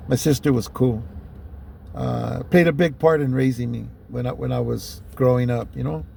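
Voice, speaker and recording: Gravelly laid-back LA man. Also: mid-range voice, fairly even intonation, moderate pace, warm tone, a little hiss or hum. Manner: laid-back, peppers speech with "man" and "you know", chuckles often. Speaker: storyteller. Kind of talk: casual personal storytelling.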